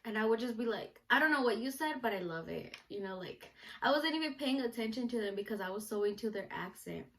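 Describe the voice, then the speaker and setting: A woman's voice: mid-range voice, expressive, fairly quick, hardly any pauses. A young woman chatting casually to camera in a question-and-answer vlog, bubbly and full of "like" and "you know". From United States, Mexican parents. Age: young adult. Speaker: vlogger, student reporter.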